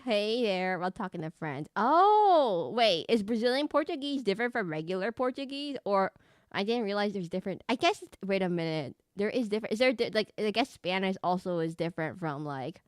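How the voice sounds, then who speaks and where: A woman's voice: mid-range voice, animated, normal speed, no echo, clean studio sound. A woman streaming a video game, chatting casually with many restarts and self-corrections and frequent giggles. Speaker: VTuber streamer. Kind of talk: casual gameplay commentary.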